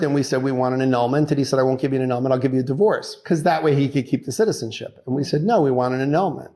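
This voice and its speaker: A man, a lawyer, telling a story in a casual, animated way and acting out the quotes. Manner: animated storyteller, acts out quotes with raised pitch. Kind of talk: casual anecdote.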